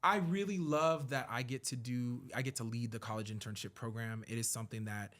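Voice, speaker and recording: Male podcast guest, animated storyteller, earnest, acts out dialogue. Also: medium pitch, a little fast. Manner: earnest and reflective when talking about his work and faith. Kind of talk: conversational storytelling.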